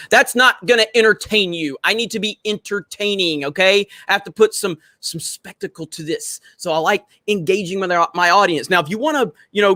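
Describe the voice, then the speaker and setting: A man's voice: high voice, fairly bright tone, no room sound. A man hosting a live stream, chatting casually and bantering with viewers in a brash, profane way.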